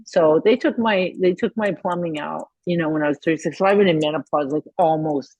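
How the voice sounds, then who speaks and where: A woman's voice: low-pitched, a little fast, a little mellow, no echo, low-quality recording. A woman in her fifties, a guest musician in a casual interview, telling candid, profane stories with plenty of feeling. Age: 50s. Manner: profane, candid, emotional storytelling.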